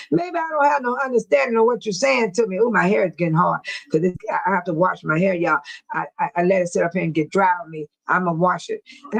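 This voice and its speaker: Heard over a rough recording, this middle-aged woman speaks at a medium pitch with noticeable vocal fry. She hosts a casual livestream from the Dolton, Illinois area, reading out viewer comments, chatting and teasing her viewers by name.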